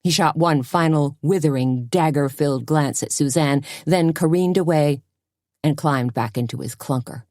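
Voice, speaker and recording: A woman narrating a cozy mystery audiobook in an even, measured storytelling manner. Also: sits low, no echo, studio quality.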